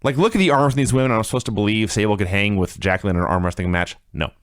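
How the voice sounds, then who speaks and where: A man co-hosting a casual podcast, recapping wrestling with sarcastic, animated commentary. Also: on the low side, rapid-fire, smooth, no echo, studio quality. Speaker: podcast co-host reviewing wrestling.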